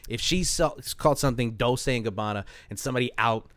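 A man co-hosting a casual podcast, telling stories loosely, swearing freely and jumping way up in pitch when he acts out quotes. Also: fast, a bit bright, no echo, clean studio sound. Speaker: podcast co-host. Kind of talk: casual chat.

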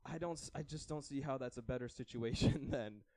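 Speaking a little fast at medium pitch, a young Canadian podcast co-host spins an animated holiday anecdote. He acts out what people said and laughs a lot, with no room sound in the clip.

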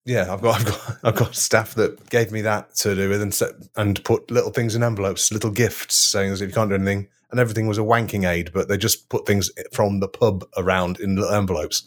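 A man's voice: fairly low pitch, level tone, a little fast, hardly any pauses. A man co-hosting a comedy podcast, telling rambling stories in casual chat and laughing often. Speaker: podcast co-host.

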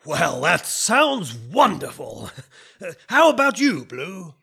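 Comedy sketch: a man as a fussy fairy king, husky voice, pitch leaping around, losing his temper. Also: wildly swooping pitch, slow, heavily acted. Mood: pompous. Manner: exasperated, shouting in outbursts.

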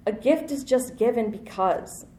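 A woman's voice: a little high, lively intonation, unhurried, mellow, roomy sound. A woman in her thirties preaching a sermon in a conversational, self-deprecating way, with light laughs.

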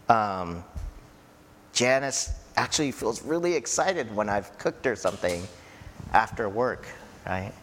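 A man preaching a sermon in a slow, conversational way, often checking in with his listeners. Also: lowish voice, expressive, fairly bright tone. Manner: slow, conversational preaching with frequent "right?" and "you know". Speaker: pastor. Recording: echoey hall with faint ambient noise.

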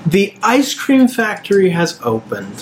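Man game master, lively pitch, higher voice, faint hiss, casual narration. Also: a little slow. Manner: lively, hesitant with fillers. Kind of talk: narrating a tabletop role-playing game.

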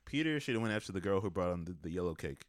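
A man's voice: low voice, lively intonation, racing, no room sound, clean studio sound. A man co-hosting a casual movie chat, laid-back with nerdy asides. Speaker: podcast co-host.

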